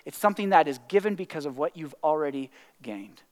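A man preaching a sermon in a conversational way, full of "like" and "right?", now and then breaking into excited whoops. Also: a little high, brisk, big-room sound. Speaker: pastor.

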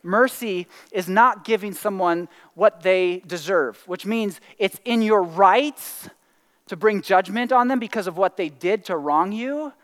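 A man preaching a sermon in a conversational way, full of "like" and "right?", now and then breaking into excited whoops. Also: sits high, measured pace, big-room sound. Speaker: pastor.

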